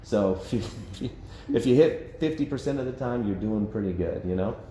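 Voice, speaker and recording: Guy pastor chatting through a bible study, lively and jokey, echoey room w/ faint hiss. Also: medium pitch, a little fast. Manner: animated, acts out quotes, laughs often. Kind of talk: conversational Bible teaching. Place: church meeting room.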